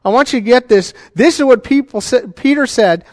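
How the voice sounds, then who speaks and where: High-voiced preaching man in a hall. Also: brisk, studio quality. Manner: animated, conversational preaching with joking asides. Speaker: pastor. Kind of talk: sermon.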